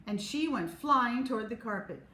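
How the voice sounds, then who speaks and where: A woman reading a children's chapter book aloud in an expressive, unhurried way. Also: fairly high pitch. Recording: echoey room, faint hum.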